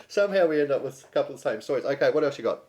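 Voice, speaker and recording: A man's voice: mid-range voice, animated, a little mellow, slightly rough. An Australian man co-hosting a radio show, joking and teasing his partner with lots of laughter. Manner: teasing, laughs often, quick banter. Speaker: podcast co-host.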